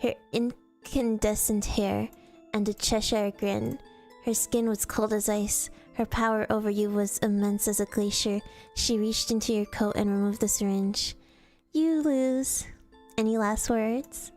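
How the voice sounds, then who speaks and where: A woman's voice: mid-range voice, flat delivery, measured pace, a little mellow, faint music behind. A woman streamer reading a fan story aloud in a storytelling voice, sometimes stumbling and restarting words. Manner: storytelling read-aloud with casual slips and restarts.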